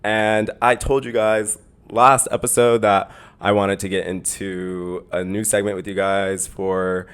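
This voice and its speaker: A young man from Canada with a Canadian accent hosts his own podcast alone. His voice sits very low. He talks casually and rambles, piling up fillers and repeating words as he goes. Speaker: podcast host. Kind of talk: casual solo podcast monologue.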